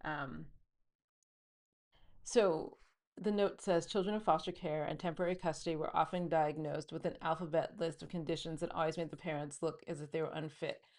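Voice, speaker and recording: A woman's voice: low voice, steady tone, moderate pace, darkish tone. A woman reading her novel aloud and stopping now and then to explain scenes in a chatty, offhand way. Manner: reads the scene plainly, then breaks into chatty asides. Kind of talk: book reading with commentary.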